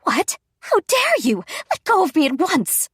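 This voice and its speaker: A woman voicing a haughty, spiteful queen who screams in shrill outrage. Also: wildly swooping pitch, a little slow, fairly bright tone, no room sound, studio quality, heavily acted. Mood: shrieking rage.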